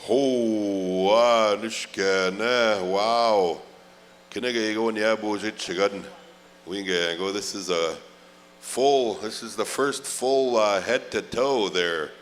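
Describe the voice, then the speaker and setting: A middle-aged man with a lowish voice speaks at a normal pace, emceeing a powwow live. He's chatty and joking, stretching out the names he calls, and the sound is the echoey ring of an arena PA.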